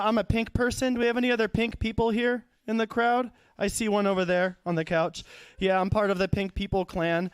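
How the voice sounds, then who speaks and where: A man's voice: a little high, clean tone, no room sound. Rambling young man doing stand-up. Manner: rambling, loses his thread, profane. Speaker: stand-up comedian. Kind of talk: stand-up comedy set. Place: live comedy show in a studio.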